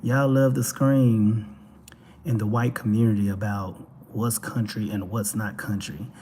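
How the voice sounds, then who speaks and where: A man with a Texan accent giving casual, animated commentary as a talk show host, speaking straight to his viewers. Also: on the low side, a little slow, a little hiss or hum. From Texas. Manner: animated, preachy, addresses viewers directly.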